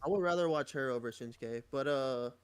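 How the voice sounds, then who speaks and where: A man's voice: medium pitch, a little fast, smooth. A man in a casual wrestling podcast chat, laid-back and hesitant, filling his sentences with fillers. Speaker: podcast co-host.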